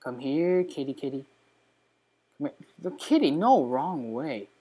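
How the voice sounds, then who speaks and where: Excitable young man narrating gameplay. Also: measured pace, breathy edge. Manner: excitable, chatty, with sudden high squeals. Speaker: let's play host. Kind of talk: casual gameplay commentary.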